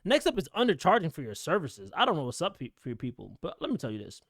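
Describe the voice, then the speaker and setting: A fast-talking man gives a blunt, streetwise pep talk to aspiring notaries. His voice sits a little high and rushes ahead. The recording is dry and close, with no room sound. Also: wildly swooping pitch, fairly bright tone, no echo. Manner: blunt, ranting, streetwise slang. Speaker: notary business coach. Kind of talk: blunt motivational talk to camera.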